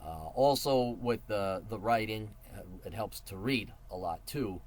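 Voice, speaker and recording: A man's voice: fairly low pitch, measured pace, darkish tone. Blunt, profane middle-aged man. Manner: blunt and profane, with a mocking edge. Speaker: vlogger giving advice. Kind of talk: casual advice monologue.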